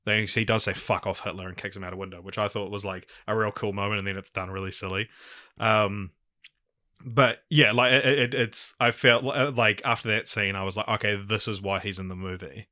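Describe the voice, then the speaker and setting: Rambling New Zealand man, bright voice. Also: lowish voice, steady tone, fairly quick, no echo, clean studio sound. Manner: rambling, swears often, many fillers. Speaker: podcast host. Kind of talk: casual chat.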